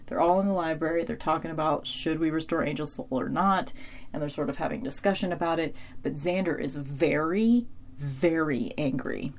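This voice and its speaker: A woman casually recapping a TV episode, chatty and giggly, with lots of fillers, quoting characters in brighter voices. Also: low-pitched, moderate pace, slight background noise.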